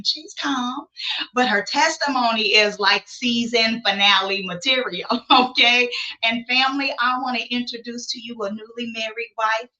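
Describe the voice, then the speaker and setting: Bright, lively woman hosting a faith show. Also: a little high, highs cut off. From not from the South. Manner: animated, playful, calls listeners family. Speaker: podcast host. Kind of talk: upbeat faith interview.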